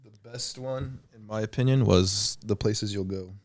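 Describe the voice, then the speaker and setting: Man, young adult, soft-spoken, low-key, low pitch, dry close sound. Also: a little slow, no room sound. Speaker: podcast co-host. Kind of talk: casual chat.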